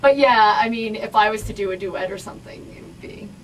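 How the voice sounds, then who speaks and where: A woman's voice: mid-range voice, fairly quick, highs cut off, a little hiss or hum. A woman singer from New York, a guest in a radio studio, talking in a bubbly, giggly, effusive way. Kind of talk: casual radio interview.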